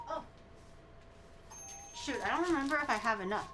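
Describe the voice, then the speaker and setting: A woman's voice: on the high side, animated, normal speed, long pauses, background noise. A woman streaming herself cooking at home, chatting casually in a rambling way with exaggerated reactions. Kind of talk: casual livestream chat.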